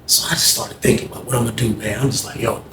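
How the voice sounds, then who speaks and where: A man from Norfolk, Virginia telling a story in casual slang, animated and constantly saying "man". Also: mid-range voice, very fast. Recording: echoey room, faint noise.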